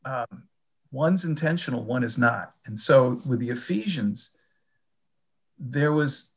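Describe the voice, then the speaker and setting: An older man from the Chicago area, talking about faith in a reflective, halting way and often repeating his words. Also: medium pitch, lively intonation, breathy edge. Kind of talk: casual faith conversation.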